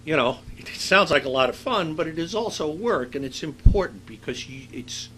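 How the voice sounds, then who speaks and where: A man's voice: mid-range voice, animated, moderate pace, few pauses, a bit bright, a little hiss or hum, low-quality recording. A middle-aged man giving a university lecture in a conversational, anecdotal way, with frequent fillers. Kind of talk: recorded lecture.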